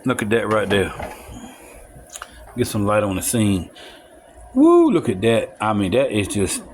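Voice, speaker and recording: A man, casually narrating a home cooking video and chatting straight to viewers with excited whoops. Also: fairly low pitch, normal speed, a little hiss or hum. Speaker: home cook showing a recipe. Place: home kitchen.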